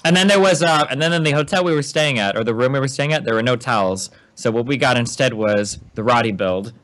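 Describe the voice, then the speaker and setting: A man's voice: mid-range voice, quick pace. A young man co-hosting a podcast, telling a story in casual chat with swearing and joking exaggeration. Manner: excitable, profane, jokey exaggeration.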